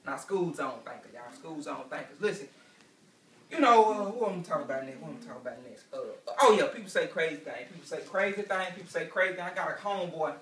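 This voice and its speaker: A man working through a stand-up set, rambling and repeating his lines as he goes. His high, bright voice rings through an echoey room, caught by a camera some distance from him. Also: lively intonation, fast. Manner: loose, repetitive storytelling with asides to the crowd. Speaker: stand-up comedian. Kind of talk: stand-up comedy routine. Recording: echoey room picked up from afar.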